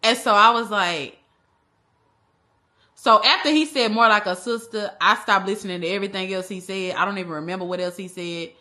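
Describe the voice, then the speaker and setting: A young woman telling a personal story in a casual, animated way, using slang and acting out the other people. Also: mid-range voice, a little fast. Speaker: vlogger. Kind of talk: storytime vlog.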